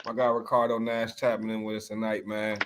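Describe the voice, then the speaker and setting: A man hosting a casual sports podcast, laughing and telling animated stories. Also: lowish voice, a little fast, slight background noise. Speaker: podcast host.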